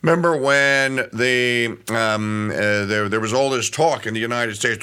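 A middle-aged man hosting a talk radio show, giving animated commentary that rambles with frequent restarts. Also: mid-range voice, unhurried, few pauses, clear, resonant tone.

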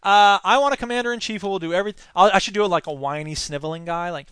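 High-voiced sarcastic male news host. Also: quick pace, hardly any pauses, clear, resonant tone, dry recording. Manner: sarcastic, animated asides. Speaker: podcast host. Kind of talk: news commentary podcast.

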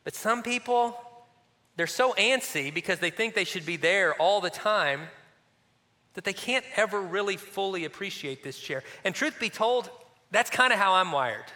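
A man delivering a sermon with a high, ringing voice. He tells stories with animation, then sinks into a soft hush. A long hall reverb hangs after each phrase. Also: moderate pace. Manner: animated storytelling with sudden drops to a soft near-hush. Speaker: pastor.

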